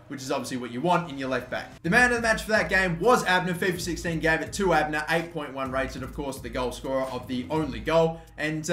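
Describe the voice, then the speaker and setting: A young man giving casual, excitable football game commentary, swearing often and swinging between yelling at the game and muttering to himself. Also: fairly high pitch. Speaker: gaming YouTuber. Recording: echoey room, faint ambient noise.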